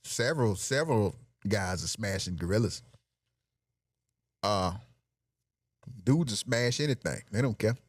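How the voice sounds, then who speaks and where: A man's voice: fairly low pitch, animated, a little slow, long pauses, dry recording, studio quality. A man hosting a podcast, delivering a brash, joking monologue in with lots of laughing asides. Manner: brash, joking, laughs at his own bits. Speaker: podcast host. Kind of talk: casual comedic monologue.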